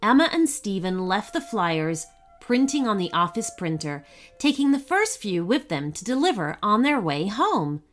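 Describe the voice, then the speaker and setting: A woman narrating a scripted children's story in an expressive, storytelling way. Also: mid-range voice, normal speed, soft background music.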